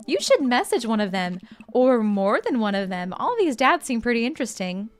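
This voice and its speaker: A woman's voice: on the high side, big pitch swings, moderate pace. A young adult woman streaming a video game, chatting casually and playfully while reading the game's text aloud. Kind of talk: casual game playthrough commentary.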